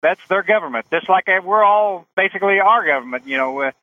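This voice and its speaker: A man's voice: sits high, animated, fast talker. A man calling in to a radio talk show, blunt and opinionated, heard over a phone line. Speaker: caller.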